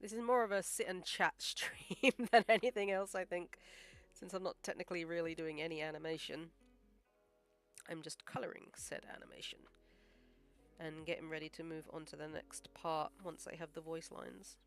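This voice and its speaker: Woman animator, casual stream chatter, filler-heavy and humble, low voice. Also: steady tone, moderate pace, clean tone, soft background music. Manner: rambling, full of "like" and "um"; encouraging and modest. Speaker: animator live-streaming her work. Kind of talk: casual livestream chat while drawing.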